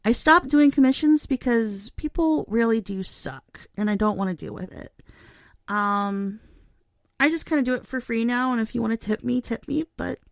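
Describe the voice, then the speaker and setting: A young woman rants in a casual vlog, blunt and profane, and never softens her words. Her voice sits a little high and carries plenty of vocal fry. The sound is close and dry, with no room around it. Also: moderate pace, no room sound.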